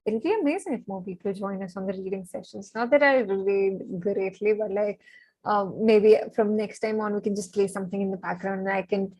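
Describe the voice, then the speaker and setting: Excitable young woman reading aloud. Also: mid-range voice, fairly quick, no room sound, poor audio. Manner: excitable and chatty, with many fillers and apologies. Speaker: live-stream book reader. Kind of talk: reading a novel aloud on a live stream.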